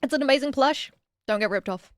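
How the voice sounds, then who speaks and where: A woman streaming casually, reading viewer messages aloud and answering them with bursts of excitement. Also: high-pitched, fast talker, no room sound, studio quality.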